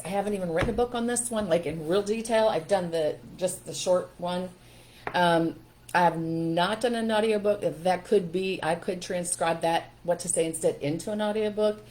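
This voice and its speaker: A woman's voice: fairly low pitch, a little mellow, rough recording. A middle-aged woman from Pennsylvania hosting a casual live stream as a parenting coach, talking earnestly and greeting viewers by name. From Pennsylvania, USA.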